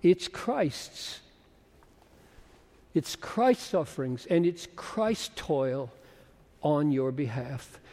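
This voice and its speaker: A man in his seventies preaching a sermon as a pastor, slow and emphatic, rising to loud bursts. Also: fairly high pitch, expressive. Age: 70s. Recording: long reverb of a large hall.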